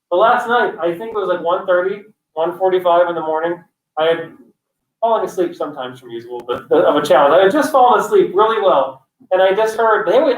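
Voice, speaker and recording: A man in his forties talks to a class in an easy, rambling way, his voice on the higher side. The room is roomy, and he sits a little away from the mic. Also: far from the mic. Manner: relaxed, with fillers and restarts. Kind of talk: casual explanation.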